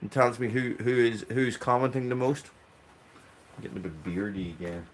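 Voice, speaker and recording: A man's voice: mid-range voice, normal speed, slight background noise. Irish man, live-stream host, casual chat, greets viewers, small indoor cabin. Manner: chatty, greets viewers by name. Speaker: livestream host.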